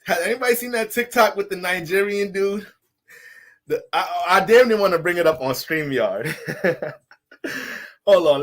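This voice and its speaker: A man's voice: high voice, a bit bright. A man hosting a casual astrology livestream, loose and profane, joking and talking straight to his viewers.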